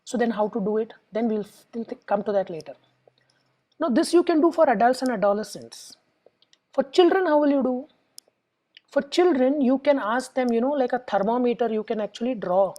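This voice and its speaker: Animated and a little fast, the middle-aged psychologist speaks in a warm, high voice with an Indian English accent, guiding parents through emotions stage by stage and acting out what children and clients say. The recording is low quality.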